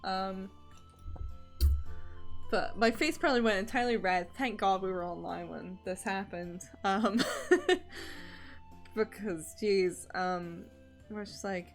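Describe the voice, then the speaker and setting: A young woman chats casually on a drawing stream, rambling through her thoughts with plenty of ums and likes. She laughs often and swears without a second thought, her voice sitting at an ordinary middle pitch. Faint music plays quietly behind her. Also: slow pace, pauses often.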